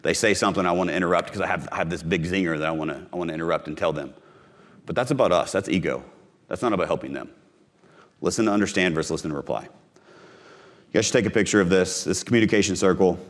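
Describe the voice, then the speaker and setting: A low-voiced man talks at a racing pace in a live conference talk about sales. He's from Missouri, USA, and his delivery is punchy and direct, with key phrases repeated and remarks aimed straight at the audience.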